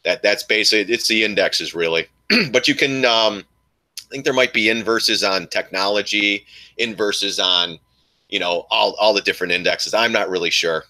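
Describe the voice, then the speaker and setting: A man's voice: fairly low pitch, normal speed, bright, forceful tone. A man hosting a casual live stream, rambling and laughing as he rants and chats with viewers.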